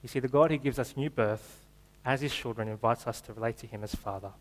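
A man's voice: mid-range voice, quick pace, low-quality recording. A man preaching a sermon in a church, in a casual, joking, conversational way. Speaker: pastor.

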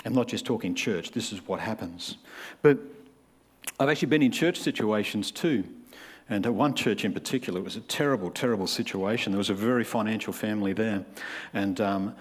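A man's voice: lowish voice, fairly quick. A man, preaching a sermon in a conversational way and acting out the people he describes. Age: 50s. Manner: conversational, acts out quoted voices.

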